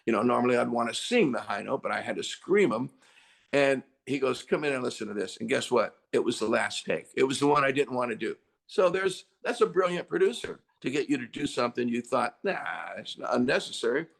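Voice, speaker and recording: An older man, a rock singer, chatting as an interview guest and telling stories with lively acted-out quotes. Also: mid-range voice, fairly quick, gravelly. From United States. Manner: animated storyteller, acts out quotes loudly. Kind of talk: casual interview chat.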